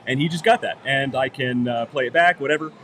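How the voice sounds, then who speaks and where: A man's voice: mid-range voice, a little fast, a bit bright, a little hiss or hum. A man co-hosting a live podcast, talking casually and joking about himself. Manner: joking, self-deprecating. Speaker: podcast co-host.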